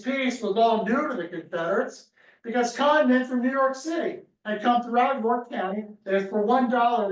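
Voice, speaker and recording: High-voiced man giving a lively history talk. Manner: storytelling, acts out crowd cries. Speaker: history speaker. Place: lecture room. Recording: echoey room from far off.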